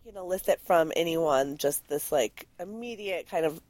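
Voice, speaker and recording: A woman's voice: deep voice, moderate pace, darkish tone, no room sound. Giggly woman in casual podcast chat. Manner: giggly, playful, rambling with many fillers. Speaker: podcast co-host.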